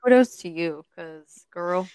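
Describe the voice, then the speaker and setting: A woman's voice: on the low side, slow pace, a little mellow, clear, resonant tone, no room sound. A woman in casual chat who listens, laughs along and chimes in with supportive remarks.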